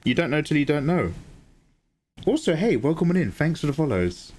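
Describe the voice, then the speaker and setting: Man, art livestream chat, animated rising and falling pitch, excitable, swears a lot. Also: fairly quick. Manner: excitable, swears freely, thanks chat by name. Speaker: livestreaming artist. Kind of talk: casual chat with viewers.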